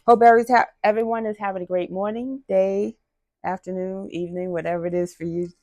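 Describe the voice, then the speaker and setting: A woman's voice: medium pitch, steady tone, brisk, darkish tone, no room sound, clean studio sound. Chatty woman doing a card reading. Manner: chatty, drops into slang, talks to viewers directly. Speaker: tarot reader. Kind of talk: casual spiritual card reading.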